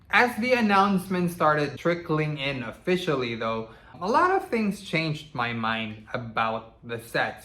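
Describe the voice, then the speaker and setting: A toy reviewer and channel host talks through a review in a loose, relaxed, chatty way, scattering lots of "you know" asides. His mid-range voice is bright and forward and echoes around the room.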